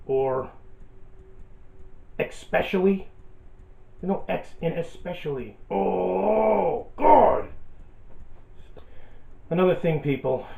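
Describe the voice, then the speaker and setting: High-voiced guy doing a sarcastic rant vlog, phone-quality audio. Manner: sarcastic and self-deprecating. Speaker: vlogger. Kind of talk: comedic rant. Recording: echoey, tinny phone-like audio.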